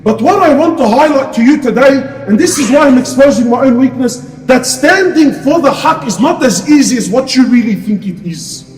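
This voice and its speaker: A man's voice: extremely high pitch, expressive, normal speed, hardly any pauses, a little mellow, soft background music. Aussie guy preaching in a big echoey hall, passionate, keeps asking the crowd questions. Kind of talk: Islamic lecture. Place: lecture hall. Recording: echoey hall, distant mic.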